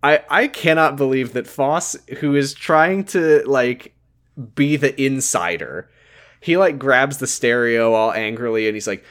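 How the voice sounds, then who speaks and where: A man co-hosting a casual podcast, recapping a movie in a laid-back, swearing way and reading its lines in flat mocking voices. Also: medium pitch, a little slow. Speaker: podcast co-host. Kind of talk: casual chat recapping a film.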